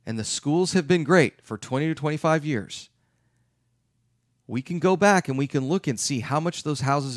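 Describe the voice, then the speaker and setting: A middle-aged man giving an emphatic, lively talk as a real estate investment educator. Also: medium pitch, no room sound, clean studio sound. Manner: emphatic, acts out his clients' questions.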